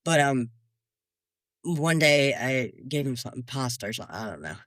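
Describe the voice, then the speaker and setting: Bright-voiced dad telling wry stories. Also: male voice, mid-range voice, lively intonation, normal speed, no echo, clean studio sound. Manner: wry, exasperated anecdotes. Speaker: podcast co-host, father. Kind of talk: casual parenting chat.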